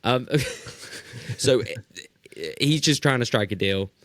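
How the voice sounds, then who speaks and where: A man's voice: mid-range voice, slow, a bit bright, no echo. A man co-hosting a comedy podcast, joking with crude asides. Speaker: podcast co-host. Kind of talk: casual comedic banter.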